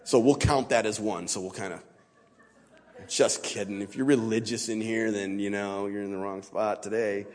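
A man's voice: on the low side, fairly even intonation, normal speed, darkish tone. A man giving an informal sermon as a guest speaker in a church, talking in a casual, plain-spoken, conversational way. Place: church sanctuary. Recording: long reverb of a large church hall.

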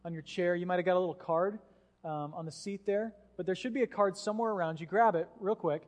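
A male pastor preaching a sermon, telling a story in an animated way and acting out what people said. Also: high voice, fast. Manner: animated storytelling with acted-out quotes. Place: church sanctuary. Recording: long hall reverb in a church.

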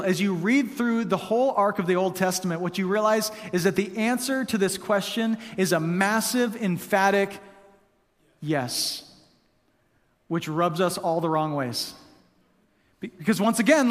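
A man preaching a sermon as pastor, conversational and prone to restarts and casual asides. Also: high-pitched. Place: church hall. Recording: long hall reverb.

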